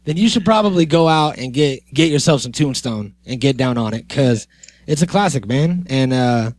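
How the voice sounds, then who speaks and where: A man's voice: mid-range voice, animated, normal speed, no echo. A man co-hosting a podcast in casual chat, laid-back and agreeable with a slangy way of talking. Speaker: podcast co-host.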